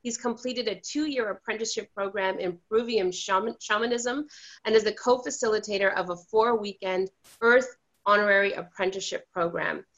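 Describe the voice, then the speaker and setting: Woman, host, effusive, gushing, bright, muffled audio. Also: medium pitch, a little fast. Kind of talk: spiritual online interview.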